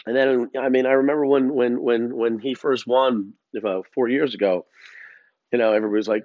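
This man's voice sits in the mid range, fairly even and a little mellow, and he talks fairly fast. Hosting his podcast, he rambles through a profane rant full of stumbling restarts and fillers, captured without echo in muffled, low-fidelity audio.

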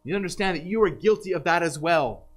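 A man's voice: on the high side, lively intonation, fast talker, rough recording. A man preaching a sermon as pastor, earnest and emphatic, with frequent restarts.

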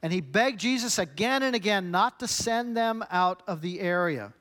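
A man's voice: sits high, animated, moderate pace, a bit bright. A man preaching a sermon, emphatic and punchy, building his points through short repeated phrases. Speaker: pastor.

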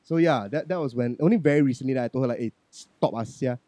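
A man speaks in on a podcast, blunt and liberal with swear words. He drops to quiet reflection, then gets loud and animated as he tells his story. The sound is close and dry. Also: mid-range voice, racing, no echo. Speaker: podcast guest. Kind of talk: casual podcast chat.

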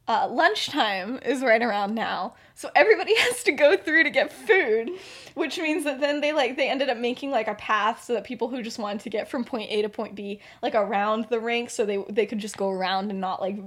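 A young woman tells a fan-fiction story on her podcast, her voice sitting fairly high for a woman. She rambles along casually, laughing often and piling up fillers as she goes. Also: lively intonation, moderate pace. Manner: giggly, rambling, filler-heavy. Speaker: podcast host.

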